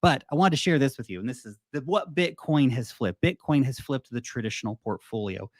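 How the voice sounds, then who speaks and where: Australian man, crypto show host, animated, joking, mid pitch, dry close mic. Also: a little fast, no echo. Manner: animated, joking, mocks investors in put-on voices. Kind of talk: casual market commentary.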